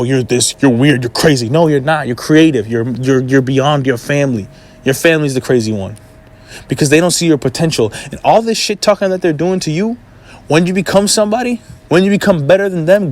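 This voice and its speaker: A man ranting to his viewers in a blunt, profane, heated way, giving life advice. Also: medium pitch. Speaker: vlogger. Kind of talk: casual rant to camera.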